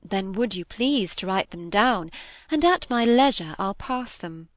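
A woman's voice: mid-range voice, expressive, measured pace, no room sound, natural voice. A woman reading aloud, voicing a witty, teasing young woman with an arch, playful manner. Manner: arch, playful, lightly scornful.

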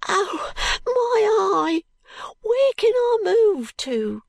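Desperate tearful street boy, high and wailing, dry recording. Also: sing-song, creaky, dry recording, exaggerated voice. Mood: desperate cry. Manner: high wailing cries, drawn-out. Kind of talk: audiobook character voice.

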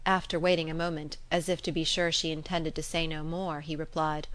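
A woman narrating a classic novel in an even, measured reading. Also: low-pitched. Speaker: audiobook narrator. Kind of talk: scripted narration.

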